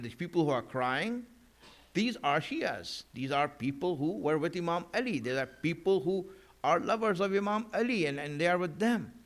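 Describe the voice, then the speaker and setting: Guy preaching at a mosque, kinda high voice, talks slow, lots of "you know" and restarts. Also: fairly bright tone. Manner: conversational, many fillers and restarts. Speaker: religious speaker. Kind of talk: mourning sermon. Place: mosque hall.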